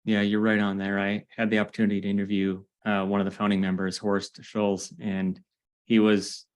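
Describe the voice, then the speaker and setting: Low, flat-voiced podcast host man. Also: normal speed. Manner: chatty, restarts often. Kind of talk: casual interview.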